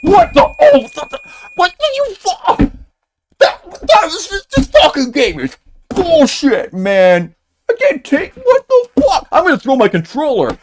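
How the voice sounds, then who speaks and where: A man on a gaming stream putting on a shrill, swearing, screaming gamer rage. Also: huge pitch swings, extremely slow, a little hiss or hum, full character voice. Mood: mock rage. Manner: screaming, swearing, high-pitched fake rage. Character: shrieking enraged male gamer, losing it. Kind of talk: casual gaming stream chat.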